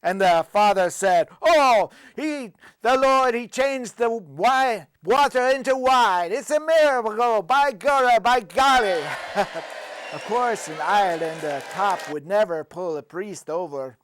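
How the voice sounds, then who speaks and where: A man's voice: high voice, animated, a little slow, fairly bright tone. A man playing a boastful, proud male leprechaun who calls himself a wrestling champ, hamming it up in a comedic character sketch. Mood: joking. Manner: joking, proud and hammy. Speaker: comedy host.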